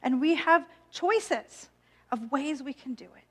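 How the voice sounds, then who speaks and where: Woman minister, high voice, reflective sermon with wry asides. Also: expressive, slow pace. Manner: gentle, reflective, with playful self-mocking asides.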